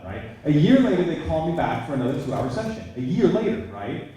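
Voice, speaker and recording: A man on a convention panel telling a story in an animated way and acting out what others said. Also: on the high side, fast talker. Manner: animated storyteller, acts out quoted exchanges. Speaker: voice actor panelist. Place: large echoey convention hall. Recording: echoey hall from far off.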